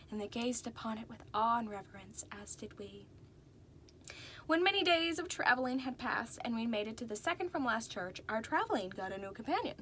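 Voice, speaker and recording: A woman's voice: fairly high pitch, fairly bright tone, a little hiss or hum. A woman narrating a first-person storybook in a folksy, drawling way. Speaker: audiobook narrator.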